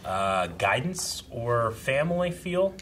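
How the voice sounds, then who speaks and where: A bright-voiced young man chatting in a casual reaction show. He is animated and leaps into high-pitched yelps when he mimics people. A faint hiss sits behind him. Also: slow pace. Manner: animated, acts out characters with sudden high yelps. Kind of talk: casual chat.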